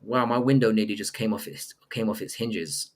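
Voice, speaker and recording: A man's voice: on the low side, normal speed. A man hosting a live stream, reading viewer messages aloud and answering with crude, profane jokes. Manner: crude, profane, joking banter with chat. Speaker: livestream host reading chat. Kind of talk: casual live-stream chat.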